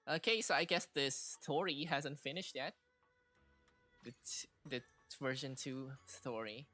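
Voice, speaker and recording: A man streaming a game, chatting casually and excitedly, repeating himself with lots of fillers. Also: mid-range voice, a little slow, soft background music.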